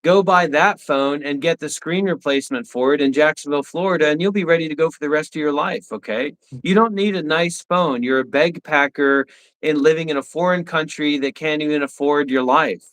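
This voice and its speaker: Livestream co-host, a man, slightly high-pitched, bossy and preachy in tone. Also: brisk, a bit bright, rough recording. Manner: pushy, lecturing, mocking. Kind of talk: casual livestream banter.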